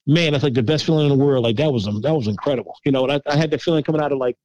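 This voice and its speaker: A middle-aged man answering interview questions in a casual, animated way, often repeating words as he thinks and laughing easily. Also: mid-range voice, racing, dry recording. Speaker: guest filmmaker. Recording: dull lo-fi dry sound.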